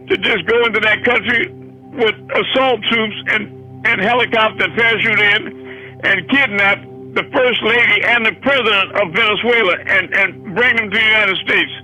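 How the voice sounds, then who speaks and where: Fiery, high-pitched male preacher. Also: sharp tone, low-quality recording. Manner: fiery, profane, rhetorical questions. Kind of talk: impassioned sermon.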